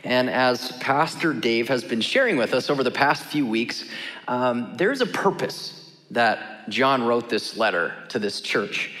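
A man's voice: mid-range voice, expressive, unhurried, a bit bright. A man preaching a sermon as a pastor in a casual, joking, conversational way. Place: church sanctuary. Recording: long hall reverb.

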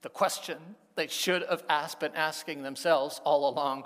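A man preaching a sermon, with slow, deliberate phrasing that swings between hushed passages and emphatic peaks. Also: a little high, steady tone, big-room sound. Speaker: pastor.

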